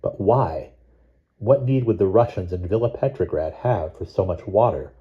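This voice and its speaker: A man reading a novel chapter aloud in a measured, steady narration. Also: lowish voice, dull audio. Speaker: audiobook reader. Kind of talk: scripted narration.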